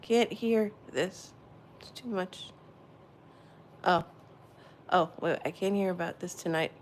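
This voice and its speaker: A woman hosting a casual spiritual livestream, rambling warmly and answering her viewers' chat directly. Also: lowish voice, slow pace, a little hiss or hum. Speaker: livestream host.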